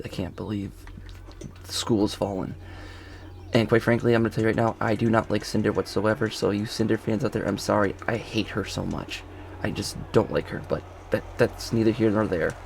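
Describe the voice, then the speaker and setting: Picture a man talking a show recap outdoors with faint ambience behind him. His voice sits low and gravelly, and he rambles, backtracks and corrects names mid-sentence. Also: darkish tone, a little hiss or hum. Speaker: video reviewer. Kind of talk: casual spoken review. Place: outdoors on a golf course.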